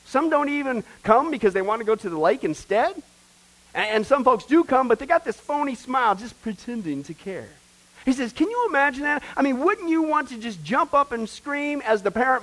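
A man preaching a sermon, teaching from a study guide, and swinging between loud urgency and hushed, intense storytelling. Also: very high-pitched, lively intonation, moderate pace, low-quality recording.

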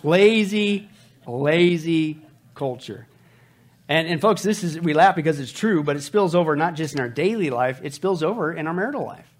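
Lively joking male preacher. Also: fairly high pitch, fast talker, few pauses. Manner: animated, joking, addresses the audience as folks. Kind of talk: humorous sermon.

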